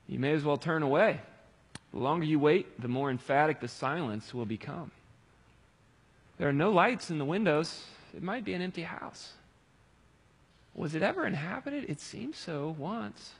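A man with a husky, slightly breathy voice delivers a sermon, rising to loud pleading cries and sinking to hushed, reflective passages. His words ring out with a long reverb, as in a large hall. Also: a little high. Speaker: pastor.

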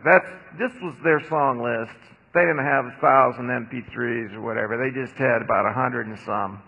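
A man's voice: medium pitch, husky. A man giving a conversational Bible teaching on the radio, explaining scripture with emphatic asides. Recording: thin phone-like radio broadcast with long reverb.

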